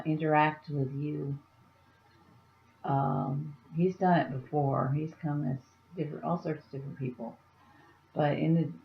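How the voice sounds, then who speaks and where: A woman vlogging casually, rambling through a dream story and talking softly to her cat. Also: low-pitched, gravelly, roomy sound, highs cut off. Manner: meandering, soft-spoken to her cat. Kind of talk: casual vlog.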